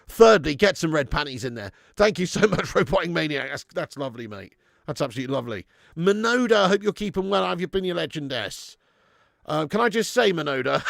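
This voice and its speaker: A man's voice: on the high side, brisk, gravelly, dry recording, clean studio sound. A man hosting a live football watch-along, swearing often and reading out viewer messages. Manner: sweary, animated, reads viewer messages aloud. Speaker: fan channel host.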